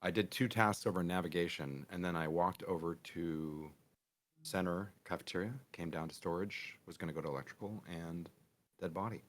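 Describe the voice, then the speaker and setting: A man's voice: low voice, fairly quick. A man recently woken up, rambling and correcting himself as he recounts where he went in a casual gaming chat. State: just woken up.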